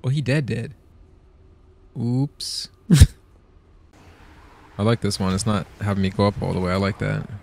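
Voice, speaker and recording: A man with a low voice and vocal fry speaks at a moderate pace, with long pauses, as he streams a game. He's excitable and foul-mouthed in his casual talk with viewers, laughing often.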